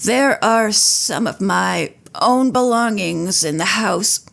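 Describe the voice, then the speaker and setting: A woman's voice: mid-range voice, slow pace, gravelly, a bit bright, heavily acted. A woman voicing a scheming grown man who groans and pities himself while faking an injury. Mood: wheedling. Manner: groaning, self-pitying.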